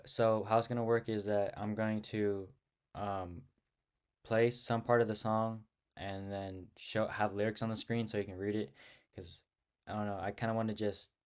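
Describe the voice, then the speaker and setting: A man's voice: fairly low pitch, a little mellow. A young man casually talking to camera about his own rap lyrics, hesitant and rambling with many fillers and restarts, a bit awkward. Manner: self-conscious and awkward on camera. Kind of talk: casual self-recorded talk to camera.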